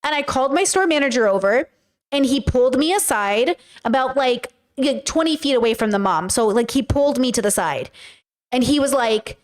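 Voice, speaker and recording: A woman's voice: sits high, lively intonation, a little fast. A woman streaming casual commentary, talking bluntly and with profanity as she tells stories with animation.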